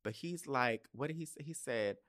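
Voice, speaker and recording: A man's voice: mid-range voice, normal speed, fairly bright tone, dry recording, clean studio sound. A man hosting a podcast, telling stories in a campy, profane, casual way and acting out his own reactions. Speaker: podcast host. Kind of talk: casual comedic storytelling.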